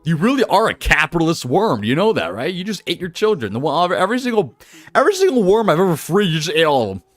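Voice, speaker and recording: A man live-streaming a video game, animated, laughing and chatting with his viewers. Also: fairly high pitch, fast talker, no echo, faint music behind. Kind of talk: live gameplay commentary.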